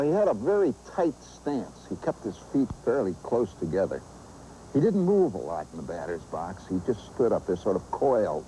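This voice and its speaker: Man, storyteller, lively swinging pitch, mellow dark tone, humorous nostalgic yarn. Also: slight background noise, low-quality recording. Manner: animated, nostalgic yarn-spinning with vivid asides. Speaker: host and storyteller.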